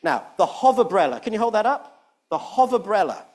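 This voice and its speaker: A middle-aged man with a slightly husky voice leads an all-age church talk. His pitch swings widely as he rambles and teases the congregation in a playful way. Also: big pitch swings, brisk, a little mellow. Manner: playful, rambling, teasing the audience. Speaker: church service leader.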